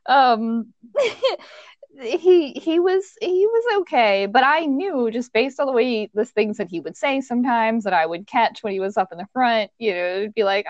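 A woman tells a story in a casual chat, her voice rising and falling with animated swings. She sits a little high in pitch and laughs often between lines. The sound is dry and slightly dull, with no room around it. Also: a little slow, no room sound.

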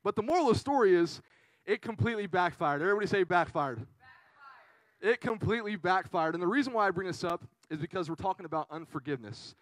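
A young man preaching to a youth group, telling a funny story in an animated, chatty way with lots of "right?". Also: high-pitched, fast talker, low-quality recording. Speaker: youth pastor. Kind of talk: casual storytelling sermon.

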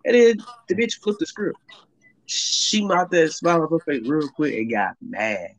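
A young man with a slightly high voice tells a long story in a casual chat on a call. His telling is loose and profane, full of fillers and restarts. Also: sing-song, unhurried, rough recording.

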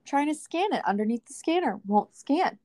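A woman rants her way through everyday stories on a podcast, acting out what other people said and laughing along. Her voice sits fairly high and the recording is close and dry. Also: lively intonation, normal speed, warm tone, dry recording. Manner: chatty, ranting storyteller, quotes people, laughs often. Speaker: podcast co-host. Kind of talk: casual chat.

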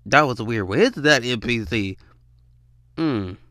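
Animated bright-voiced man reacting to clips. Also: medium pitch, unhurried, a little hiss or hum. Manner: animated, laughs often, talks straight to viewers. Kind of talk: casual reaction commentary.

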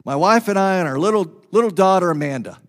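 A male pastor preaching a sermon through a personal story, swinging between loud and hushed and repeating phrases for emphasis. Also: high voice, expressive, quick pace.

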